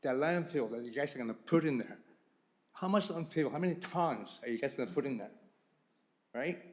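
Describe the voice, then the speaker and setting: A man's voice: mid-range voice, expressive, fairly quick, a little mellow. A man speaking as a resident at a council meeting, informal and emotional, repeating his points. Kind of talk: public comment. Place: council chamber.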